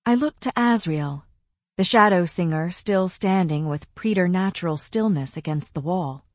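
A woman narrates a first-person audiobook with steady, even storytelling. Her voice sits on the low side. The recording is dry and close. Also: moderate pace, no echo.

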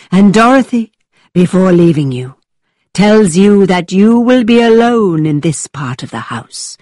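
A woman voicing a playful young gentleman who tells a tale in a low, dramatic voice to tease a listener. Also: no echo, clean studio sound.

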